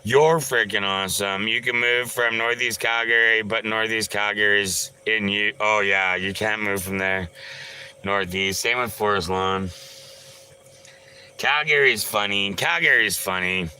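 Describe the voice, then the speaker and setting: Slow, bright-voiced man streaming. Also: fairly low pitch, fairly even intonation, slight background noise, low-quality recording. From Canada. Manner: rambling, loose and swearing, many filler sounds. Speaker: livestreamer. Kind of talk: casual live-stream chat, answering viewers.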